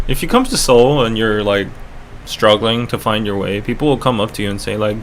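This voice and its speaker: A man's voice: fairly low pitch, normal speed, pauses often, slight background noise. A man hosting a casual live stream, laid-back, laughing often and correcting himself mid-sentence. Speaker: podcast host.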